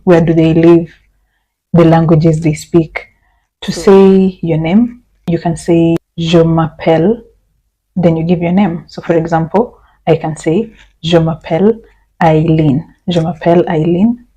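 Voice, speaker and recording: A woman from Kenya giving a beginner language lesson, repeating each phrase slowly and carefully. Her voice sits a little low and sounds mellow, with a soft, husky edge. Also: rough recording. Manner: patient, step-by-step explaining with repeated example phrases. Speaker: French teacher.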